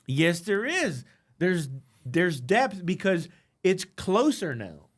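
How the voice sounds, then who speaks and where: A man co-hosting a podcast, arguing in casual chat, jumping between loud outbursts and low mumbles. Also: very animated, takes it slowly. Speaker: podcast co-host.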